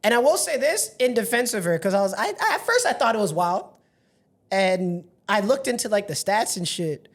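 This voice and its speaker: A woman co-hosts a casual podcast, her husky voice swinging up and down as she talks. She is blunt and likes to stir the group up. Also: mid-range voice, sing-song, moderate pace. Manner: blunt, provocative banter. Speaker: podcast co-host.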